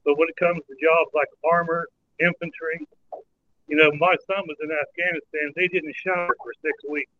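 A man's voice: on the high side, flat delivery, normal speed, slight background noise. A man calling in to a talk show, blunt and emphatic, heard over a phone line. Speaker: caller. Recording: tinny dry phone line.

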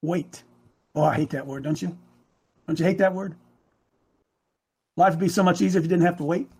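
A man in his sixties preaching a sermon, emotional and repeating phrases for emphasis, building to shouts. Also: a little high, brisk, slightly rough. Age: 60s.

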